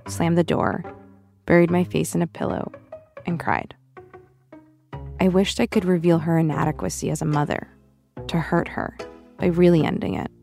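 A young woman, raised in the US after arriving from Russia, reading a personal essay in a reflective, measured, confessional way. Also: low voice, gravelly, mellow.

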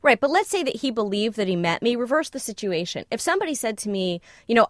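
A woman telling a personal story in conversation, animated and self-questioning, acting out the dialogue she quotes. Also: fairly high pitch, a little fast, no room sound, studio quality. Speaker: storyteller guest.

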